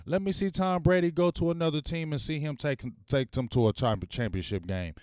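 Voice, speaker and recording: His voice is on the high side, clear and resonant, and he talks a little fast. He hosts a live-streamed sports show, animated and slangy, calling out directly to viewers, with dry, clean studio sound.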